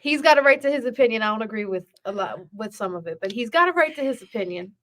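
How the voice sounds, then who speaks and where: A woman's voice: on the high side, animated, fast, fairly bright tone. A woman co-hosting a reaction video, chatting casually, upbeat and giggly. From Baltimore. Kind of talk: casual reaction chat, reading comments.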